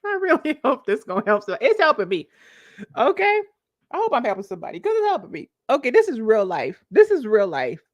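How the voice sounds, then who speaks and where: Expressive woman in her forties, storytelling. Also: brisk, dry recording. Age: 40s. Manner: expressive, confiding, laughing storyteller with sudden pitch leaps. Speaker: vlogger, life coach. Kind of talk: candid storytelling to camera, live stream.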